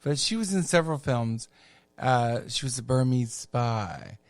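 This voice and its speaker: A middle-aged man telling a long personal story on a podcast, campy and chatty with unhurried asides. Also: medium pitch, expressive, no room sound. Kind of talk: casual storytelling.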